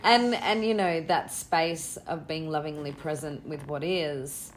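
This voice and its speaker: Woman, middle-aged, low pitch, earnest, soft-spoken, faint background hiss. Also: fairly even intonation, a little slow. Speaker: interview guest, tantra teacher. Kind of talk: casual spiritual conversation.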